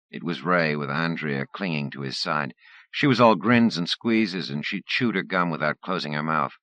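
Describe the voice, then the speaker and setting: A man narrating a first-person short story for an audiobook in a lively, expressive way. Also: rumbling low, normal speed, dry recording.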